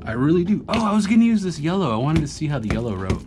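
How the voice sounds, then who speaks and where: A man's voice: on the high side, big pitch swings, rapid-fire, background noise. A man who is a graffiti artist, chatting casually to the camera about his markers and inks as he draws, rambling and laughing often. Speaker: graffiti artist reviewing art supplies. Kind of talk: casual talk to camera while drawing. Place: home art studio. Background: background music.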